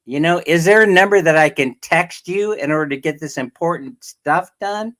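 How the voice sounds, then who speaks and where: A man's voice: high voice, lively intonation, moderate pace, hardly any pauses, a bit bright. A middle-aged man from California with a Californian accent, rambling and laughing as he hosts a casual livestream and greets viewers by name. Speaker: livestream host. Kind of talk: casual live-stream chat with viewers.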